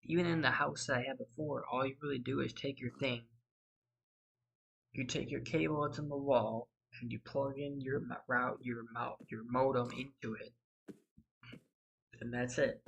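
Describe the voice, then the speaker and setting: A man's voice: medium pitch, fairly even intonation, normal speed, vocal fry, a bit bright, slightly rough, dull audio. A man hosting a gaming channel, chatting casually and rambling through a story over his gameplay, losing his thread and swearing freely.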